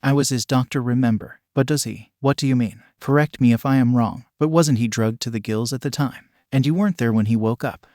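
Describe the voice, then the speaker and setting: Old lady nurse, gentle and teasing, read out by a man, dry close mic. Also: mid-range voice, no room sound, close to an everyday voice. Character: elderly woman school nurse, kindly and wry.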